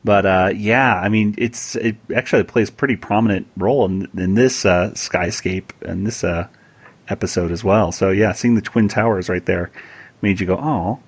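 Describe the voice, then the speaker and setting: A man co-hosting a podcast episode with a somewhat low, husky voice. He chats loosely and laughs easily, often stopping to restart his sentences. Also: moderate pace. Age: adult, past high school. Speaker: podcast host. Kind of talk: casual chat.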